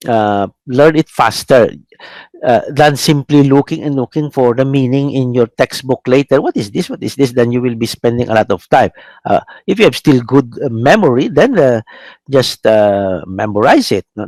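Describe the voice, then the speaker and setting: A Filipino-accented priest, his voice mid-range and a little mellow, lectures a class on biblical Hebrew with no echo. Hesitant and full of "uh" fillers and restarts, he drills pronunciation and tags sentences with "no?".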